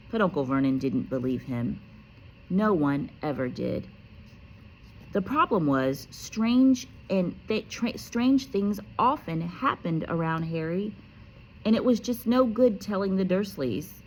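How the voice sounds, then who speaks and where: A woman teacher reading a children's book aloud with lively expression and casual, chatty asides. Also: fairly low pitch, unhurried, a little hiss or hum. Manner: animated, casual, self-correcting.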